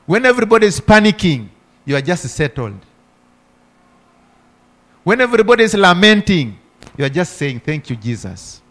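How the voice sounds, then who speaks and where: A man's voice: high-pitched, big pitch swings, moderate pace, long pauses, fairly bright tone. A middle-aged male pastor preaching a sermon. He asks the congregation rhetorical questions and punctuates his points with repeated hallelujahs.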